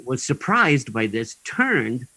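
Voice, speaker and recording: A man's voice: medium pitch, big pitch swings, slow pace, bright, forceful tone, no echo, low-quality recording. A man guest in an interview, telling long anecdotes in a rambling way with many ums and chuckles.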